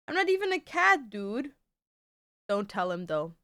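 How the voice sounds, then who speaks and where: A woman's voice: medium pitch, sing-song, measured pace, long pauses, sharp tone, dry recording, clean studio sound. A woman streamer chatting casually at home with a cat on her lap, swearing now and then and reading viewer questions aloud. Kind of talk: casual live-stream chat.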